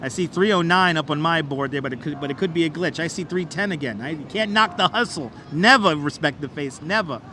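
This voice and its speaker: A man's voice: on the high side, fairly quick, few pauses, sharp tone, a little hiss or hum. A man hosting a live walking tour, cheering viewers on like an auctioneer in a playful, repetitive patter. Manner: auctioneer-style hyping of like counts. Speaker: livestream host. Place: outdoors on a city bridge. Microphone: wireless clip-on mic.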